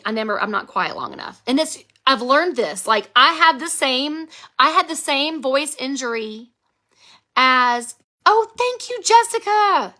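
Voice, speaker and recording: Her high voice sounds pushed and bright, strained from an old vocal injury. She is a giggly American author in her thirties, chatting casually over a phone live stream and reading out comments from viewers.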